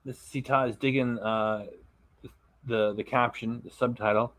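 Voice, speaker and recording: Male reaction host, mid-pitched, sarcastic and blunt, dry close sound. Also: steady tone, a little slow, fairly bright tone, dry recording. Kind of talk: casual commentary over clips.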